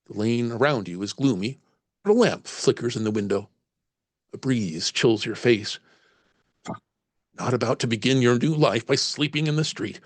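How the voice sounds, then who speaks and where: A man's voice: mid-range voice, moderate pace, pauses often, no echo. A man narrating a solo tabletop horror game as game master, reading passages aloud and musing over the choices. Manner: reads aloud, then muses on choices.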